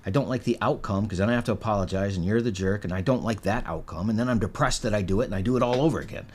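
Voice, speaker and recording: Middle-aged michigan guy telling a story on a podcast, animated, acts out the quotes. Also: fairly low pitch, rapid-fire. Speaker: guest. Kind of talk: casual storytelling interview.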